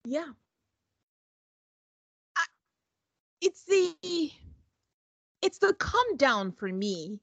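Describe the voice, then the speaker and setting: A woman's voice: high voice, very slow, long pauses, no room sound. A woman co-hosting a casual podcast, retelling a scene with lots of laughter and imitations. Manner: animated storyteller, laughs often, mimics voices. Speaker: podcast co-host. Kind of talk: casual recap chat.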